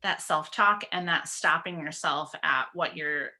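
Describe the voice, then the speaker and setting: A woman with a bright, forceful voice that sits slightly low speaks candidly about her own habits. Her tone is casual, and she laughs as she quotes herself. She is heard over a video call. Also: measured pace. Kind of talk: casual personal sharing.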